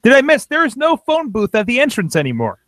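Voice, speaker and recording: Man, podcast host, casual and rambling, high-ish, dry sound. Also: huge pitch swings, fast talker, fairly bright tone, no echo. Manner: rambling, frequent fillers. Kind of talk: casual chat. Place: home studio.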